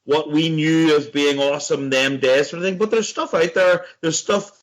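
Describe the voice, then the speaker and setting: Northern Irish male guest, a touch high, passionate and sweary, video call. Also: moderate pace, rough recording. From Northern Ireland. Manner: passionate, swears, fillers like sort of thing. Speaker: podcast guest. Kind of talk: casual chat among old friends.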